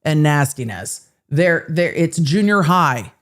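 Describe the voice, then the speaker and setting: Woman host of a live legal commentary, lowish pitch. Sarcastic, blunt, salty. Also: animated, slow pace. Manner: sarcastic, blunt, swears freely.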